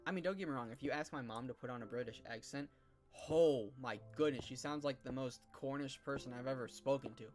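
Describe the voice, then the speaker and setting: A man's voice: medium pitch, a little fast, darkish tone, soft background music. A man from California hosting a live game stream, chatting casually and thinking aloud with lots of fillers. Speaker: streamer and host. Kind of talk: casual chat while gaming.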